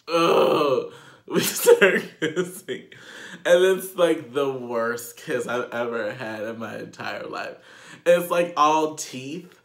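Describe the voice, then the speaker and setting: A young man telling a casual storytime on his vlog, animated and profane, laughing as he goes. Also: mid-range voice, gravelly. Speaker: vlogger. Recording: echoey room.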